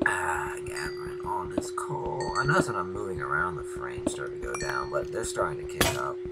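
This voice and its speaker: A young man giving Let's Play commentary, shifting between quiet muttering and yelling at the game. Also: sits low, moderate pace, very noisy. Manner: excitable, yells at the game, then mutters quietly. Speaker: gaming channel host.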